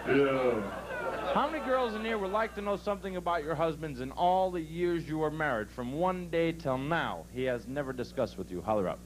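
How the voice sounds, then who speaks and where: A man's voice: on the high side, lively intonation, normal speed, background noise. A man doing stand-up for a live crowd, telling folksy dirty jokes and laughing at his own punchlines. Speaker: stand-up comedian.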